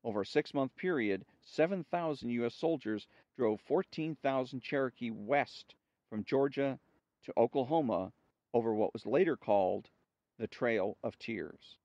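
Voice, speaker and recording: A man reading a story aloud in a slow, measured way, with small slips now and then, on a dull dry recording. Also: medium pitch, expressive, a little mellow, no room sound.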